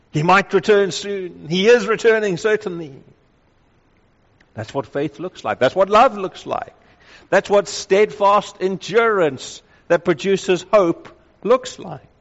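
A man preaching a sermon, reading scripture aloud and slowing down to stress key phrases with emphasis. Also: high voice. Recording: dull lo-fi sound with long hall reverb.

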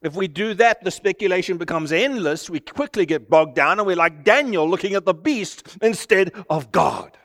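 A man preaching a sermon, emphatic and building to forceful declarations. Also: high voice, expressive, moderate pace, hardly any pauses, in a large hall.

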